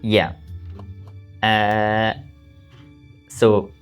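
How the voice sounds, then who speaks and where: A man's voice: lowish voice, flat delivery, very slow, faint music behind. A man running a tabletop game as game master, talking casually and hesitantly, with frequent ums and laughs. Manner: hesitant, lots of ums and restarts, laughs often.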